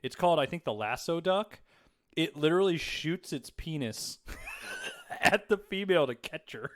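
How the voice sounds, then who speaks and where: Animated, higher-voiced man telling stories. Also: unhurried, long pauses. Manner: animated storytelling, laughs often. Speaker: podcast co-host. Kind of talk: casual chat.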